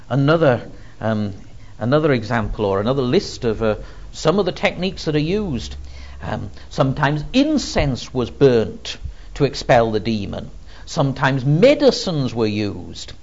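A man preaching an expository Bible teaching, emphatic and expressive, with frequent ums. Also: medium pitch, dull audio.

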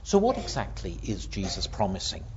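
A man preaching a sermon, swinging from loud emphatic lines to hushed, near-whispered ones. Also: medium pitch, big pitch swings, takes it slowly, highs cut off, slight background noise.

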